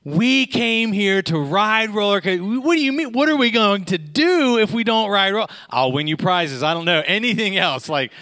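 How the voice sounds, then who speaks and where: A man's voice: a little high, lively intonation, normal speed, hardly any pauses, bright, forceful tone, dry recording. A man voicing an exasperated young woman coaxing her date, in a raised voice. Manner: insistent, coaxing.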